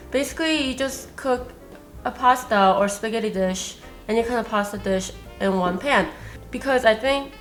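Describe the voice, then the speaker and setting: A young woman who is a little sick, chatting casually to camera as a food vlogger and rambling with fillers and restarts. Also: mid-range voice. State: slightly sick. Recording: faint static and soft music.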